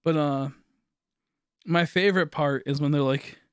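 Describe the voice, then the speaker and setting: A man's voice: a little high, fairly even intonation, unhurried, clear, resonant tone, no room sound, studio quality. A man in his late twenties, a streamer rambling through a funny story, laughing often and swearing casually.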